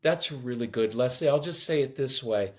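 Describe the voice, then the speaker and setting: Speaking at a moderate pace in a mid-range voice, a man explains parenting ideas on a podcast. His delivery is animated and chatty, with acted-out quotes and the odd joke along the way.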